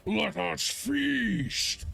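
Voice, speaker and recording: A man's voice: sits high, animated, drawn-out words, gravelly, bright, forceful tone, voice pushed up, full character voice. A man voicing a brutal male orc chief announcing arena fights to a crowd. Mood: triumphant.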